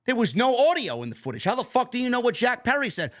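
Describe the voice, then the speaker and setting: A man ranting on a stream with a high voice that swings widely up and down. He is profane and exasperated, and he mocks people in sarcastic put-on tones. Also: sing-song, fast. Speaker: wrestling commentary host.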